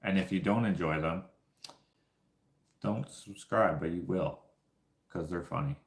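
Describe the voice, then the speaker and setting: Low-voiced man rambling, echoey room. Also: unhurried. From Canada. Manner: rambling storyteller, many fillers and restarts. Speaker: livestream host. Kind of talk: casual livestream chat. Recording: roomy echo.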